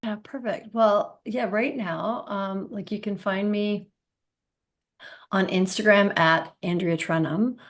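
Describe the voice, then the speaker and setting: A woman in her thirties chatting as a podcast guest. Her voice sits at a middling pitch. She tells her story loosely, full of "like"s and quick restarts. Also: fairly even intonation. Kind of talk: casual storytelling.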